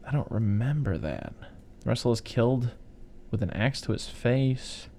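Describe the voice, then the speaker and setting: A man's voice: mid-range voice, expressive, measured pace, creaky, dark tone. A man co-hosting a casual podcast chat, recapping movie plots in a rambling way with many fillers. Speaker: podcast co-host.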